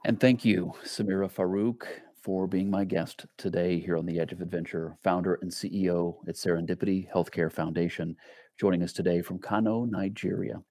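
A man hosting a podcast, thanking his guest and delivering a measured, deliberate sign-off. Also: deep voice, steady tone, mellow, dry recording, clean studio sound. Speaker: podcast host. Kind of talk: podcast interview and outro.

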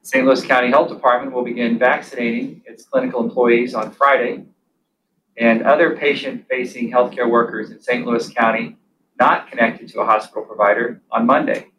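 A man giving a prepared public health statement in a flat, measured reading. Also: medium pitch, noisy background. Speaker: county official.

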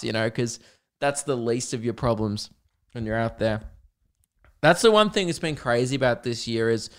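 A young man with an Australian accent chats alone into the mic for his podcast. His voice is clean and smooth, and he rambles loosely, breaks into laughter often and swears freely. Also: mid-range voice. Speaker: podcast host. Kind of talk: casual solo podcast monologue.

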